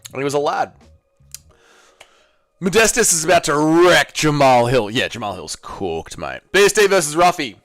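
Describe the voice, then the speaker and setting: A young Australian man hosting a casual livestream watch-along, excitable and swearing freely as he reads chat aloud. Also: a little high, normal speed, no room sound, clean studio sound. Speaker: livestream host.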